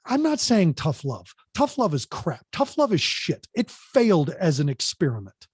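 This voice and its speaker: Male podcast guest, parent coach, emphatic and plain-spoken, voice a bit high, dry recording. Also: wildly swooping pitch, moderate pace, a little mellow, breathy edge, no room sound. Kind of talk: podcast interview advice.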